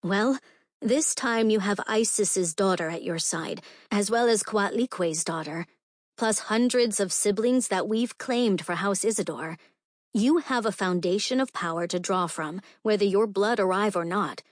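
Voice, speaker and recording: Brief: female narrator voicing a firm, protective queen sister for an audiobook, mid-pitched, dry studio sound. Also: a little slow, no echo, close to an everyday voice. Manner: firm and fierce.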